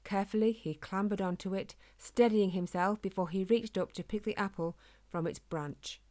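A woman reading a children's storybook aloud in a calm, gentle, steady way. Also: medium pitch, moderate pace. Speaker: narrator.

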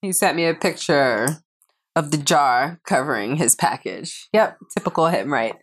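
A woman's voice: sits low, animated, normal speed. A woman co-hosting a casual couple's podcast, playful and teasing, often breaking into laughter. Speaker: podcast co-host.

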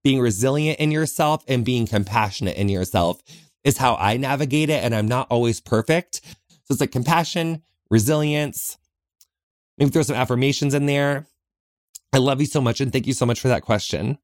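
A man hosting a podcast, talking earnestly and reflectively in a small closet, with frequent pauses and restarts. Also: medium pitch, no room sound, clean studio sound. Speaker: podcast host. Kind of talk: heartfelt solo podcast talk.

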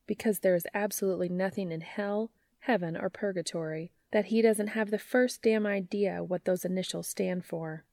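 Lowish woman reading a story. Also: a little mellow, no room sound, studio quality. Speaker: narrator. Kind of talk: fan fiction audiobook reading.

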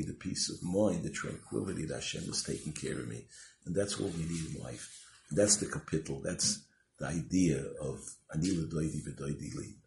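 Rabbi, deep creaky voice, storytelling Torah talk, echoey room with faint hiss. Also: male voice, darkish tone. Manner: storytelling, sprinkled with Yiddish and Hebrew terms.

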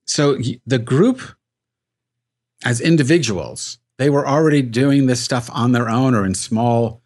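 A man hosting a radio interview, asking thoughtful questions at a measured pace. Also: mid-range voice, darkish tone.

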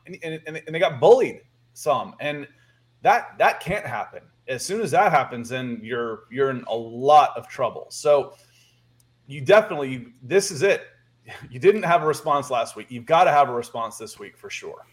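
A man's voice: medium pitch, animated, moderate pace. Man from Georgia rambling on a podcast. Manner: rambling, repeats words, chuckles. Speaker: podcast co-host. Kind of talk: casual sports talk.

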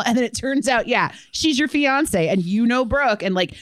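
A chatty woman hosts a casual podcast, reading and telling stories with plenty of fillers. Her voice is smooth and clear, recorded dry and close with no room sound behind it. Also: medium pitch, lively intonation, moderate pace, few pauses, fairly bright tone, dry recording. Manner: chatty, filler-heavy storytelling. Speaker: podcast host.

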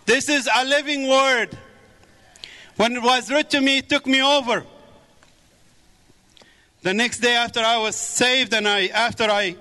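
A man's voice: very high voice, pushed and bright. A middle-aged man from the Middle East giving a fervent preached testimony in a church. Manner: fervent, repeats praise.

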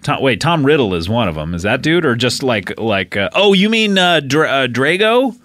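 Casting: bright-voiced male podcast host, animated and teasing, dry studio. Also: mid-range voice, no echo. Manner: teasing, rambling, quick to laugh. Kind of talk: casual comedic chat.

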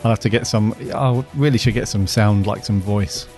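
A man co-hosting a fan podcast, chatty and upbeat, often pausing with ums. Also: fairly low pitch, a little mellow, soft background music. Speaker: podcast co-host. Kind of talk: casual chat.

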